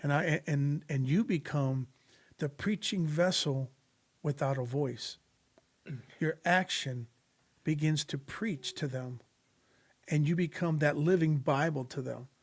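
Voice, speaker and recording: A man's voice: a little high, slow pace. A man telling a personal faith testimony in casual podcast conversation, earnest and preacherly, acting out the voices of people in his story. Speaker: podcast guest sharing testimony.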